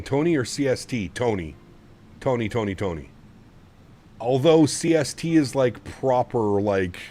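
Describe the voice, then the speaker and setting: A man's voice: mid-range voice, a little mellow, a little hiss or hum. A man live-streaming a flight simulator, chatting casually and rambling to his viewers while he flies. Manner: chatty, rambling, laughs often. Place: home sim setup.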